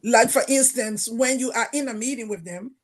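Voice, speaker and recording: A woman's voice: on the high side, moderate pace. A Liberian woman speaking on a livestream panel, telling a story firmly and with emphasis over a remote call connection that keeps cutting in and out.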